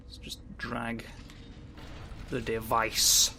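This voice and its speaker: A man's voice: mid-range voice, measured pace, pauses often, slight background noise. A man giving sardonic gameplay commentary, grumbling and swearing at the game. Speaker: let's play commentator.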